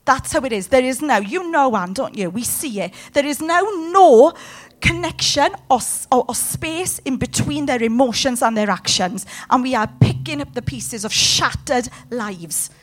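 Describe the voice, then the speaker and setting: A woman's voice: high voice, expressive, normal speed. A woman preaching a sermon with passion, putting questions to her congregation. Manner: impassioned, talks to the room with questions.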